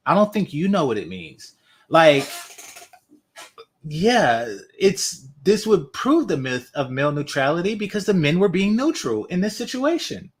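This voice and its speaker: A man records reaction commentary in a somewhat high voice. He is blunt and scornful, and he leans on repeated phrases to drive his points home. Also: husky. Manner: blunt, mocking, emphatic repetition. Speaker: online commentator.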